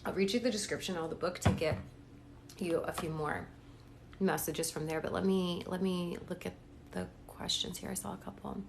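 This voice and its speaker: A woman's voice: fairly low pitch, fairly even intonation, moderate pace, gravelly, noisy background. A woman coaching viewers on a casual live stream, chatty and encouraging, checking in with "okay?" and "right?" as she goes. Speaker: manifestation coach.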